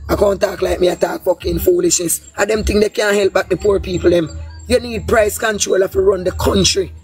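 A woman's voice: mid-range voice, steady tone, fairly quick, darkish tone, faint music behind. A woman with a Jamaican Patois accent giving a heated, casual political rant, blunt and profane, with a lilting sing-song delivery. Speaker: political commentator.

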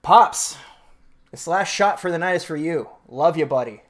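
A man's voice: on the high side, animated, moderate pace, a bit bright. A man casually chatting with viewers on a live stream, reading out donations in a rambling, laid-back way, laughing often and swearing offhandedly.

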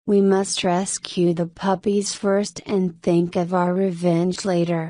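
A woman's voice: lowish voice, flat delivery, takes it slowly, dark tone, no room sound, studio quality. A woman reading the part of a brave, loving male dalmatian father, speaking steadily and encouragingly. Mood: firm.

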